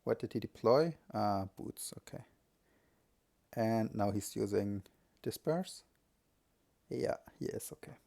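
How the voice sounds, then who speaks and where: Slow, gravelly male game commentator. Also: fairly low pitch, dark tone. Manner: thinking aloud, hesitant, correcting himself. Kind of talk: live solo commentary.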